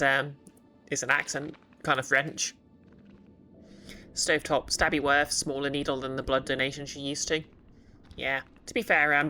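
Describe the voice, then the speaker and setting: A woman's voice: rumbling low, pushed and bright. A woman streaming a game, chatting casually and rambling with lots of fillers.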